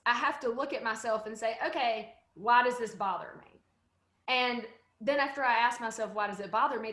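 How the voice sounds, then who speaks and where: A woman's voice: on the high side, echoey room. A woman on a panel video call, chatting casually and acting out what people said to her. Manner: animated storytelling, acts out quotes. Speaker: panel guest.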